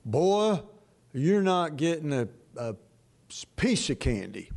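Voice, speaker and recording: Gruff, exasperated father, played by a preacher. Stern and scolding, slow. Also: on the high side, very animated, a little mellow, full character voice.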